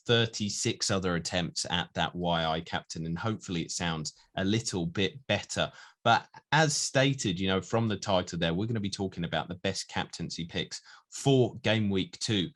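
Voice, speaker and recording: A man's voice: sits low, normal speed, a bit bright. A man co-hosting a football podcast in an upbeat, casual chat, laughing easily. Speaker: podcast co-host.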